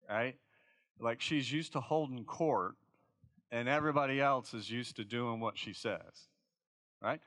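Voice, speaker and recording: Bright-voiced, informal male pastor. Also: mid-range voice, dry recording. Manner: informal, reflective, often checks in with "right?". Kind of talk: conversational sermon.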